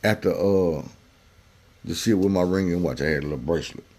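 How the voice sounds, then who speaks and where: A man with a fairly low voice spins a personal story in loose, slangy everyday talk. He keeps it conversational and jumps into the voices of the people he quotes. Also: a little fast, a little mellow. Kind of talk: casual storytelling.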